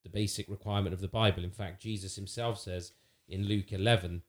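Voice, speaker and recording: A man's voice: low-pitched, steady tone, a little fast. A man in conversation on a faith podcast, speaking earnestly and thoughtfully, with frequent restarts and fillers. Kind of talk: conversational theological discussion.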